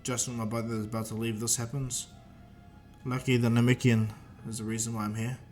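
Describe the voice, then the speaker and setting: A proud alien warrior prince from a spoken fan story speaks curtly and scornfully, as a man narrating puts him on. The voice sits at an ordinary middle pitch, close to a plain talking voice. Faint music plays underneath. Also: level tone, fairly quick, darkish tone, natural voice. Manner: scornful, curt.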